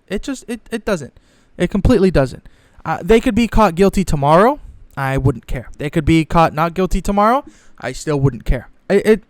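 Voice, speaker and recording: A man's voice: on the high side, dry recording, studio quality. A man from the Los Angeles area giving heated, profane, sarcastic sports commentary. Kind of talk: ranting opinion commentary.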